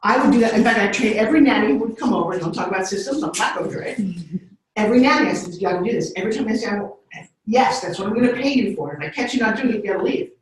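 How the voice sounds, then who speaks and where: Woman, middle-aged, animated storyteller, acts out voices, very echoey, distant mic. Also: medium pitch, very fast. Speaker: speaker. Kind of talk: storytelling talk. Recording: echoey room, far from mic.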